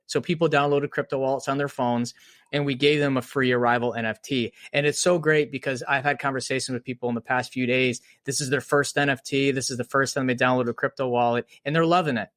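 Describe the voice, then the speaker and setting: This podcast co-host is a man with a medium-pitched, fairly bright voice, speaking fairly quickly with fairly even intonation. He chats casually but earnestly, often restarting his sentences, and the recording is dry with a clean studio sound.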